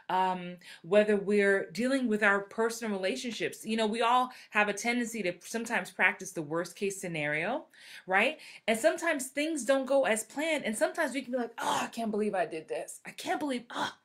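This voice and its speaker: A woman in her forties, an acting coach giving a casual live motivational talk and acting out voices she quotes. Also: medium pitch. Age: 40s. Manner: animated, acts out quoted voices.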